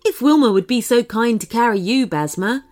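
A woman voicing a large, kind unicorn who speaks warmly and welcomingly. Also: on the high side, lively intonation, moderate pace, voice pushed up, lightly acted. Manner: warm, welcoming. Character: large kind unicorn, warm elder of the herd.

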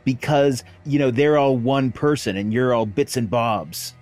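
Brief: easygoing wisecracking male player, mid-pitched. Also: unhurried, darkish tone, soft background music. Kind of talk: casual tabletop game chat.

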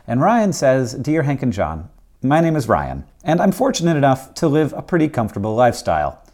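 A man's voice: medium pitch, a little fast. Playful, bouncy male podcast co-host. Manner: playful, teasing, lively and bouncy. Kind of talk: casual comedic chat, reading listener questions.

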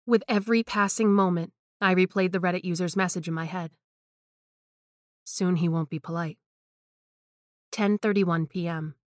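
A woman reading a scripted horror story in a hushed, tense way. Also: on the low side, no echo, clean studio sound. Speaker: narrator.

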